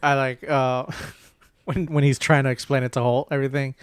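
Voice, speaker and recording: A man's voice: mid-range voice, moderate pace, smooth, dry recording. A man co-hosting a fan podcast, teasing and arguing his points in casual chat. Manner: argumentative, teasing, animated. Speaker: podcast co-host.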